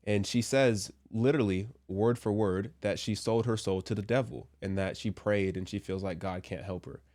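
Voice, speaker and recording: A man's voice: on the low side, steady tone, normal speed, darkish tone. A man giving casual commentary from a Christian view, chatty with joking asides, and a little under the weather. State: a little sick. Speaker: commentary vlogger.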